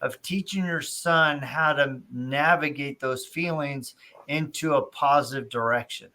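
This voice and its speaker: Bright, higher-voiced male podcast host. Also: measured pace. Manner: encouraging, reflective, frequent "right?". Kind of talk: casual conversation.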